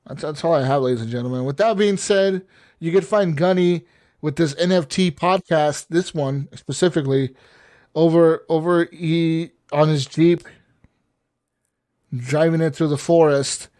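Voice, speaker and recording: A young man co-hosting a casual gaming podcast, telling stories in an animated, profane way. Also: a little high, a little slow. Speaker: podcast co-host.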